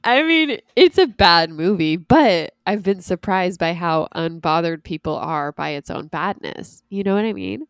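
A woman's voice: fairly low pitch, measured pace, few pauses, clear, resonant tone, no room sound, clean studio sound. Chatty woman podcast co-host, sick voice. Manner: laughs often, lively and chatty. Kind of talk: casual chat.

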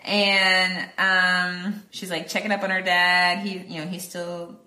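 A woman's voice: on the low side, flat delivery, measured pace, sharp tone. A woman co-hosting a podcast, recapping a film plot casually in a rambling way, full of fillers and acted-out quotes. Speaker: podcast co-host. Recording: echoey room.

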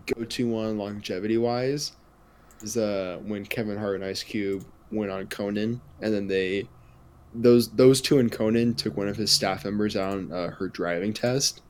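A man's voice: fairly low pitch, fairly even intonation, normal speed, a little mellow. A young man co-hosting a podcast, rambling and hesitant in casual chat. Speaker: podcast co-host.

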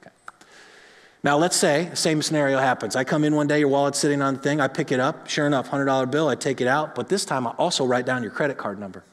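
A man preaching a sermon in a church hall, his voice ringing out with a long reverb tail. He tells stories with animated energy, building to emphatic highs and then falling quiet and soft. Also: fast talker. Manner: animated storytelling, rising to emphatic peaks then dropping soft. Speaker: pastor. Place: church sanctuary.

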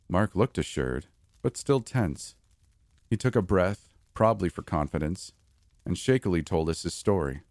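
A man narrating a scary story in the first person, in a steady, measured reading voice. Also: very deep voice, dry recording, studio quality. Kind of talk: scripted horror story narration.

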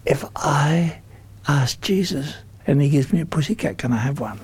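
A man's voice: a little high, animated, fairly quick, darkish tone, slightly rough. A man voicing a little girl who keeps begging her mother for a kitten, half whispered and eager. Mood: pleading.

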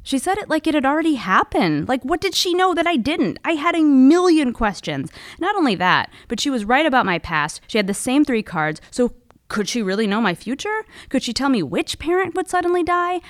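A woman's voice: high voice, very animated, brisk, dry recording. Wry woman podcast host, dry sound. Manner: wry, conversational, with casual fillers. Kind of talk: personal storytelling and interview.

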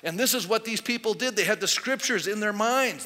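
A man's voice: high voice, a little fast, pushed and bright. A man preaching a sermon in a conversational way, asking rhetorical questions as he goes. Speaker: pastor. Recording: long hall reverb.

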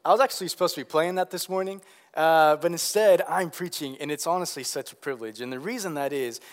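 A young man preaching as a pastor, earnest and animated, with many fillers and restarts. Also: on the high side, fast. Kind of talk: sermon.

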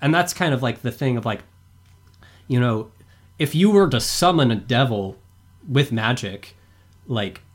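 A man's voice: mid-range voice, measured pace, long pauses. Rambling young male podcast guest. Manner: rambling, constant "like" fillers, animated. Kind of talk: casual discussion.

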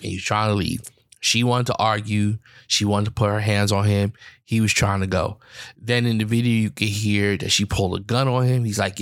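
Male podcast host, low voice, heated and repetitive, dry mic. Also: steady tone, a little fast, fairly bright tone, no echo. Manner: heated, repetitive retelling with frequent restarts. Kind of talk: opinion commentary.

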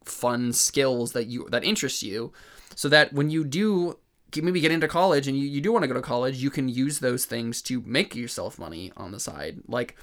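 A man's voice: medium pitch, normal speed, a bit bright. A young man co-hosting a casual podcast chat, rambling and often restarting his sentences. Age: young adult. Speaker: podcast co-host.

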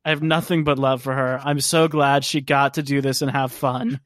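A man's voice: fairly high pitch, moderate pace, a bit bright, no echo. A man co-hosting a casual movie review chat, talking in a wry, chatty way full of "like" fillers. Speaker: podcast co-host.

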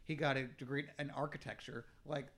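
A man's voice: medium pitch, steady tone, a little fast, a bit bright. A man co-hosting a casual sports podcast, rambling and swearing freely as he talks football. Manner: rambling, profane, restarts often. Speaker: podcast co-host.

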